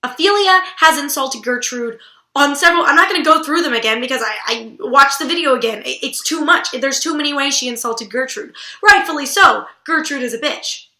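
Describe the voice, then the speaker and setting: A woman's voice: high-pitched, brisk, bright, forceful tone, reverberant. A woman hosting a book vlog, giving casual literary commentary in a blunt, irreverent way and swearing casually. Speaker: book vlogger host.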